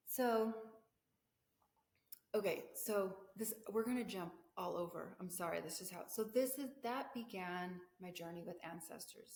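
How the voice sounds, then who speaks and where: A woman's voice: on the low side, gravelly. Rambling middle-aged woman in echoey room. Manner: rambling, self-interrupting, laughs between thoughts. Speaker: podcast host. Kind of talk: casual personal storytelling. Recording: echoey room, faint background hum.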